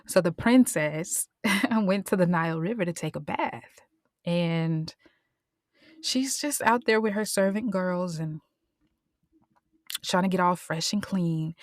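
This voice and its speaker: A woman host retelling a Bible story in a casual, expressive way, often dropping into a whisper. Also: medium pitch, slow, pauses often, no echo, studio quality. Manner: expressive, drops into whispers and voices.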